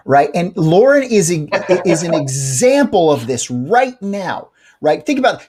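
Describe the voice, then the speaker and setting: A man hosting a live stream interview, emphatic and repeating himself, jumping in with excited interjections. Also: a little high, measured pace, breathy edge. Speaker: host.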